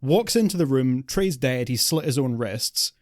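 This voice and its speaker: A man co-hosting a podcast, casually reviewing a film in an animated, exasperated rant. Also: medium pitch, a little slow, dry recording, studio quality. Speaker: podcast co-host.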